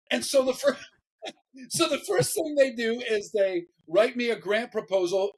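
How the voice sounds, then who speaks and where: A man, a pastor, telling a story in a casual interview, animated, often repeating words and laughing as he talks. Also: high voice, low-quality recording.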